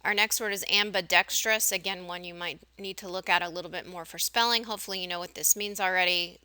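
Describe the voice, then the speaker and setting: Bright-voiced woman teaching vocabulary. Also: lowish voice, no room sound. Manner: explains words with everyday examples. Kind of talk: recorded vocabulary lesson.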